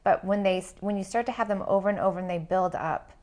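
A woman's voice: medium pitch, fast talker, a little mellow. A woman counselor co-hosting a relationship podcast, talking in an earnest, reflective way with lots of casual fillers. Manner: earnest and reflective, with many "like" and "you know" fillers. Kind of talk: casual chat.

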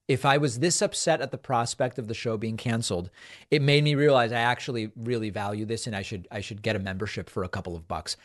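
A man hosting a political talk show, speaking in an animated, conversational monologue with frequent restarts. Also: medium pitch, quick pace. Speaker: host.

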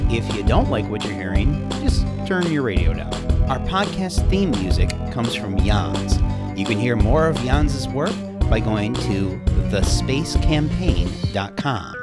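A man co-hosting a podcast, chatting casually and animatedly. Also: mid-range voice. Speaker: podcast co-host.

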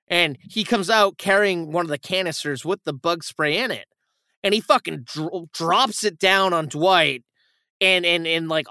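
His voice a little high, clear and resonant, a young man on a film-review podcast gives a rambling, foul-mouthed, animated plot recap with acted-out quotes. The casual chat is a dry, clean studio recording.

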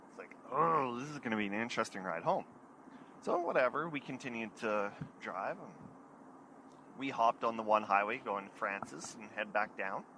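A man, hosting his own show and telling a casual, animated story, acting out his friends' lines as he goes. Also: mid-range voice, moderate pace, slight background noise. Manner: animated, acts out friends' lines and sings snatches. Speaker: podcast host telling a story.

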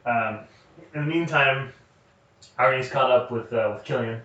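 A man's voice: medium pitch, normal speed, fairly bright tone, lo-fi sound. A man co-hosting a casual movie podcast, blunt and profane, laughing a lot. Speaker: podcast co-host. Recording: roomy and distant.

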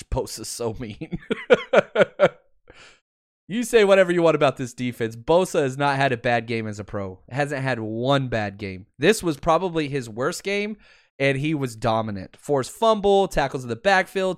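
A man hosting a podcast, talking excitedly through game film and addressing his viewers. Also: medium pitch, moderate pace, no room sound, clean studio sound. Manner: excitable, swears, talks to viewers. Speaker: podcast host. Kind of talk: film breakdown commentary.

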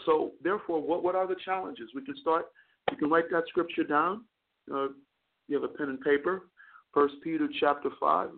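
A man's voice: fairly high pitch, vocal fry. A male chaplain hosting a call-in radio show, preaching earnestly and often stammering over repeated words. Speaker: chaplain and talk radio host. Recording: narrow phone-line broadcast sound.

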